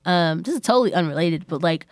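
Animated young woman, casual chat. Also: on the low side, fast talker, dry recording, clean studio sound. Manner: animated, swears, laughs often. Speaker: podcast co-host.

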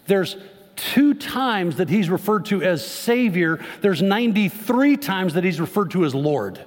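A man preaching a sermon to his congregation, speaking conversationally and tossing questions to the crowd. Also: sits high. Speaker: pastor. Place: church sanctuary. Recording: long church reverb.

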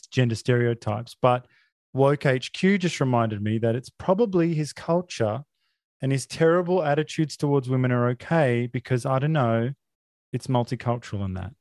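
A man hosting a film podcast, talking in a sarcastic, mock-outraged deadpan. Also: mid-range voice, moderate pace, no room sound, studio quality. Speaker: podcast host. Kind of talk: casual film review chat.

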